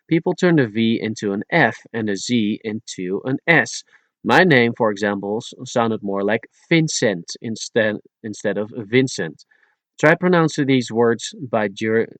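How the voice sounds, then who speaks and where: A man reading a pronunciation lesson at a measured pace, pausing between example words and sometimes correcting himself. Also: mid-range voice, dry recording. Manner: occasional stumbles and self-corrections. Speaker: language teacher. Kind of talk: read-aloud pronunciation lesson.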